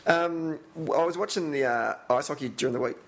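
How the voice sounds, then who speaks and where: A man's voice: fairly high pitch, a little fast, vocal fry, a bit bright. A man co-hosting a casual podcast, rambling loosely between topics with plenty of swearing. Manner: rambling, swears often, jumps into comic voices. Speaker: podcast co-host. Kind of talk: casual chat.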